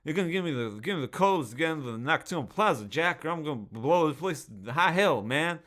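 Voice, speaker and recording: A rambling, senile old villain in a fake Irish accent, making threats in a raised, high voice as a man puts him on. The impression is loud and mocking, pitched well above the speaker's own deep register. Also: lively intonation, a little fast.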